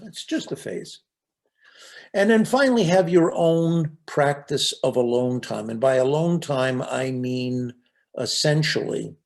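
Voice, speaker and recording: An older man with a gravelly edge talks on spiritual life in an earnest storytelling way, his pitch rising and falling in a lively way. He often stumbles over a word as he starts a thought. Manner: earnest, storytelling, repeats words when starting. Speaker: speaker on resilience and spiritual life. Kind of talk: reflective talk with anecdotes.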